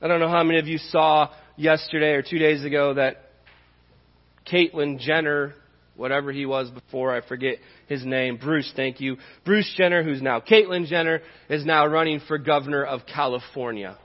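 Delivering a sermon in a church sanctuary, a man with a voice on the high side keeps his intonation fairly even and his speed normal. His pastoral preaching is impassioned and conversational with emphatic peaks, and the hall sounds dull and reverberant.

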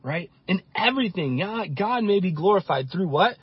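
A husky, fairly high-voiced man preaches a sermon, driving his points home with rhythmic repetition. The recording is dry and dull, like lo-fi church audio. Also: lively intonation, moderate pace, no room sound. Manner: impassioned preaching with repeated phrases. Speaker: pastor.

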